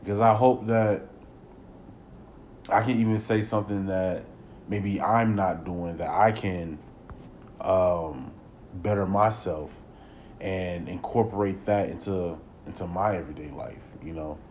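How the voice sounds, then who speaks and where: A young man hosting a solo podcast, talking into a close mic in a rambling way, repeating words and working himself up into animated rants. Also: low-pitched, a little slow, a little hiss or hum. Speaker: podcast host.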